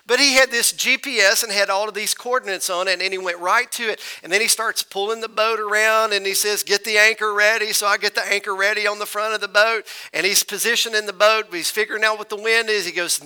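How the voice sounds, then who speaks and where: A man's voice: high-pitched, pushed and bright, clear, resonant tone. A man preaching to his congregation, telling a folksy story and calling them folks and y'all. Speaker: pastor. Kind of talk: storytelling sermon. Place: church.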